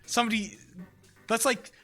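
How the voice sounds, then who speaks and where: A young man streaming a game live, talking to his chat in a casual, profane and excitable way. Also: very high voice, normal speed, faint music behind. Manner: profane, excitable, talks to chat between bursts of laughter.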